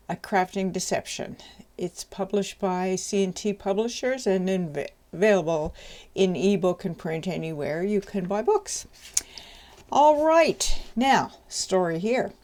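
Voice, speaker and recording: A woman's voice: medium pitch, a little mellow. A woman author reading the opening of her novel aloud, with chatty, self-deprecating asides.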